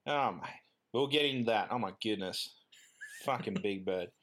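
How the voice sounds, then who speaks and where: A man's voice: fairly low pitch, normal speed, fairly bright tone. A man, co-hosting a podcast in casual chat, joking and laughing often and slipping into silly voices. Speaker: podcast co-host.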